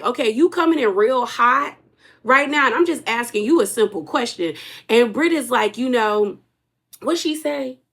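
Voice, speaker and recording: Animated woman recapping reality TV. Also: fairly high pitch. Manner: animated, acts out cast members' lines. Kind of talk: casual chat.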